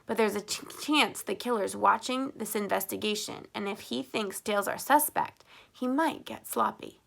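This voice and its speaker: A woman reading an audiobook, voicing a steady middle-aged male sheriff who questions in a measured, even way. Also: mid-range voice, vocal fry. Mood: calm probing.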